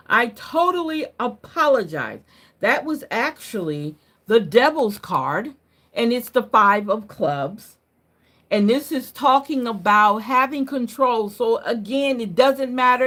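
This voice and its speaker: A woman's voice: high-pitched, fairly bright tone. A woman hosting a live card reading, talking casually and often checking in with "right?" and "okay?", correcting her own slips with a laugh. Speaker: card reader.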